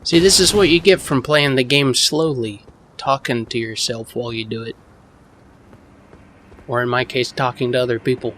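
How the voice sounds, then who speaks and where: A man's voice: medium pitch, fairly even intonation, normal speed, long pauses, a bit bright, a little hiss or hum. A man giving casual, rambling commentary while playing a game, mocking himself and swearing freely as he goes. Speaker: gaming channel host.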